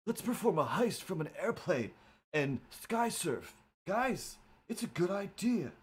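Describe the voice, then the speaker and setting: A dopey surfer-dude cartoon cat, young and male, as a man puts him on. He talks in a laid-back drawl with drawn-out words, pitched well above the man's natural voice. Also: big pitch swings, husky, exaggerated voice.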